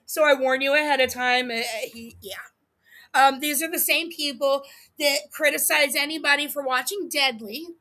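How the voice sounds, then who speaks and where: A woman's voice: sits high, normal speed, sharp tone. A woman hosting a livestream, reacting to a clip with profane, heated, laughing commentary. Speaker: livestream host. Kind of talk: casual commentary stream.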